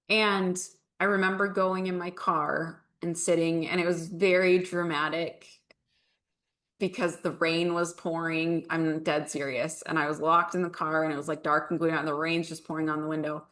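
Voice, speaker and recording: A woman talking as a podcast guest, telling a personal story in an earnest, confessional way and slowing down at the emotional parts. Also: low voice, steady tone, a bit bright.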